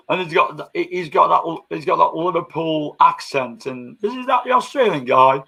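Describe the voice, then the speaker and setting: A man's voice: on the high side, moderate pace, gravelly, sharp tone, husky, rough recording. A man hosting a casual live-stream chat, bantering with coarse slang and laughing often.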